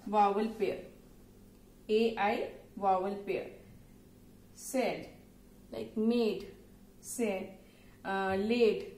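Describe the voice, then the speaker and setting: A woman's voice: medium pitch, fairly even intonation, extremely slow, pauses often, darkish tone. A woman with an Indian English accent teaching phonics to young children, patiently spelling out words letter by letter. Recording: echoey room, faint background noise.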